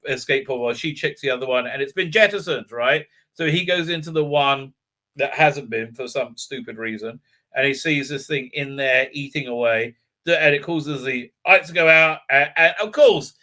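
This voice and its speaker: A man talks through an episode in a loose, rambling live-stream commentary, full of fillers and restarts. His tone stays scornful, and his voice is very bright and sits a little high for a man. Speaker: show host reviewing an episode.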